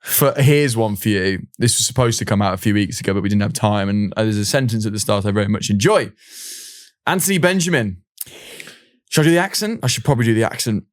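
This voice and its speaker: एक युवा ब्रिटिश आदमी, पॉडकास्ट होस्ट, बातूनी और खुद पर हँसने वाला, सूखी नज़दीकी आवाज़।. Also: male voice, fairly low pitch, no room sound, studio quality. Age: young adult. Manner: chatty, self-mocking, quick asides. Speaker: podcast host. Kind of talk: casual chat.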